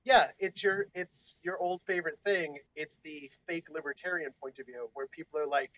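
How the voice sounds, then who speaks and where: A man's voice: on the high side, steady tone, moderate pace, fairly bright tone, poor audio. A man co-hosting a podcast in a casual discussion, explaining his points at length in a lecturing way. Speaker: podcast co-host.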